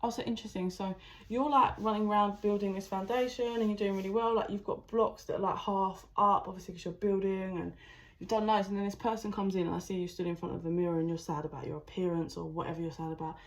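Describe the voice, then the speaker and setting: A woman's voice: medium pitch, fast. Chatty tarot-reading woman. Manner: chatty, animated, full of "like" and restarts. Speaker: tarot reader. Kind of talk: channeled tarot reading to camera.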